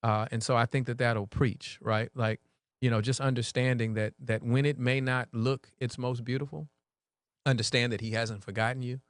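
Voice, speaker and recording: A man serving as mayor, talking relaxed in an interview and often checking in with "right?". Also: mid-range voice, normal speed, no echo, studio quality. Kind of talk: conversational interview.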